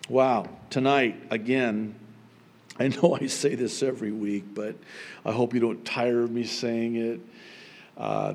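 A male pastor praying and then preaching, with bursts of loud, high emphasis on key words. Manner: animated preaching with sudden emphatic pitch jumps. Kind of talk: sermon. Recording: long hall reverb.

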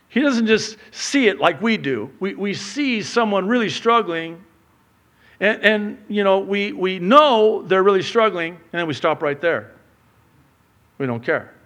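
A man preaching a sermon, swinging from loud urgent appeals to hushed asides and acting out little dialogues, with frequent casual fillers. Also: a little high. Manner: conversational asides with many fillers. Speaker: pastor.

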